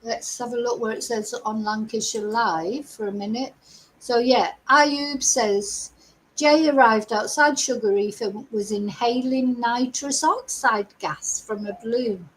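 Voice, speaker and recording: Chatty woman, high voice. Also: measured pace, poor audio. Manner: chatty, exasperated, rambling with asides. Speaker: true crime channel host. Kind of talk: casual live-stream commentary.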